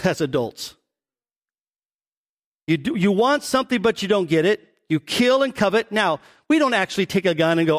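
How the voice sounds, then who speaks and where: Pastor for a sermon: a man, high voice, animated delivery with acted-out asides, long hall reverb. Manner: animated, acts out quoted voices, asks the congregation questions.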